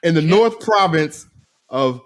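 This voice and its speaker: A man co-hosting a comedy podcast who reads out strange news stories. He talks slowly in a high, lively voice. His manner is laid-back and teasing. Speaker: podcast co-host, news segment reader. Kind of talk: casual comedy podcast chat.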